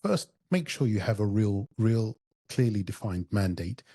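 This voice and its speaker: A man's voice: on the low side, expressive, a little slow, mellow, breathy edge, no echo. A man hosting a podcast interview, thoughtfully recounting what others told him and asking his guest questions. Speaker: podcast host.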